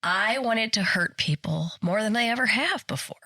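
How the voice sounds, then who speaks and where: A woman's voice: mid-range voice, normal speed, slightly rough. A woman co-hosting a podcast, telling a story in casual chat and acting out the people she quotes. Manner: animated, acts out quoted yelling. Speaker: podcast co-host. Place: podcast studio.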